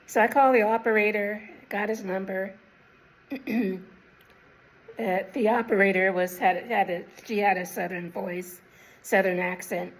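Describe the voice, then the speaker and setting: Gravelly-voiced woman in her sixties telling a story. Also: mid-range voice, fairly even intonation, low-quality recording. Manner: unhurried, reflective, pausing to recall details. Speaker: vlogger. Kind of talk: casual personal storytelling.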